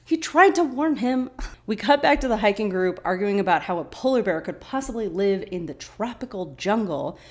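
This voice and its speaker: A woman hosting a podcast, recapping a TV episode in a casual, chatty way. She talks with animation and acts out the characters' lines. Her voice sits at an ordinary middle pitch. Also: lively intonation, moderate pace, darkish tone. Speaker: podcast host.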